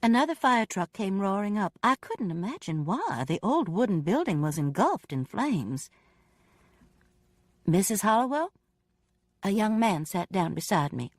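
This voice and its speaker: A woman narrating a first-person audiobook with expressive, dramatic storytelling. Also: mid-range voice, normal speed, hardly any pauses, no room sound, studio quality.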